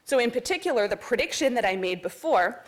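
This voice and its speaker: Woman, conference presenter, academic talk, methodical, clear explanations, lecture hall. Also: a little high, animated, a little fast.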